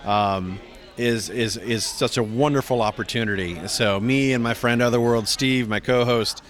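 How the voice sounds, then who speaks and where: A middle-aged man tells stories in a relaxed convention interview. He keeps a middle-pitched voice and jumps much higher whenever he acts out what someone said. His telling stays lively and chatty. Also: normal speed. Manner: animated storyteller, acts out quotes with big pitch jumps. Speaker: voice actor guest.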